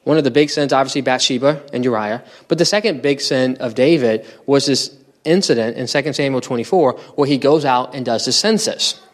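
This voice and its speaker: A man's voice: medium pitch, a little fast. A man as pastor preaching a sermon in a conversational teaching style, asking the congregation rhetorical questions. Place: church.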